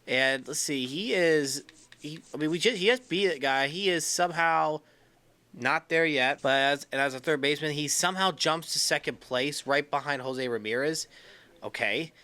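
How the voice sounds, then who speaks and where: A young man commentating his own baseball video game, excitable, yelling when upset and dropping to a low muttering tone when calm. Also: normal speed. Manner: excitable, yells in frustration then drops to a low muttering tone. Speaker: gaming YouTuber.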